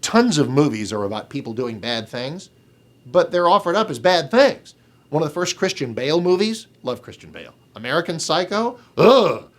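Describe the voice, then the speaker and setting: Sarcastic talk-radio man, lively pitch. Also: normal speed. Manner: sarcastic, mocking, swings between loud scorn and low asides. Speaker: radio talk show host. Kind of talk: opinion video blog monologue.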